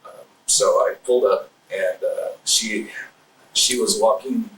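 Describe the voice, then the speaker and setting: Rambling low-voiced man far from the mic. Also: steady tone, a little slow, fairly bright tone. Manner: rambling, full of fillers and restarts. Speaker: suspect in interrogation. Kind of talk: recounting events under questioning. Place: police interrogation room. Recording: roomy interrogation room audio from afar.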